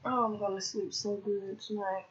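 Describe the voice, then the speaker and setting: A woman's voice: medium pitch, flat delivery, normal speed, lo-fi sound. A woman talking casually to herself during her skincare routine, muttering and chatty. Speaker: vlogger.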